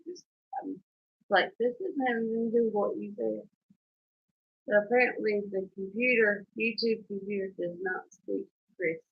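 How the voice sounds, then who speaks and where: A woman's voice: medium pitch, fairly even intonation, normal speed. A woman, chatting casually and teasing her co-host. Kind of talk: casual chat. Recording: dull lo-fi sound.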